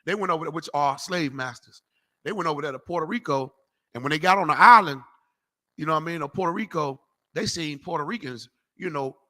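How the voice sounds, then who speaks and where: A man preaching in a loose, slangy style, emphatic and animated as he calls for scripture to be read. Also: sits high. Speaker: street preacher teaching a class. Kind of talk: preaching lecture.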